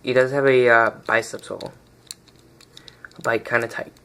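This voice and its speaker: A man's voice: mid-range voice, level tone, normal speed, fairly bright tone, clear, resonant tone. A man giving a casual, rambling toy review recorded on a phone, often stopping to search for the right word and restarting his sentences.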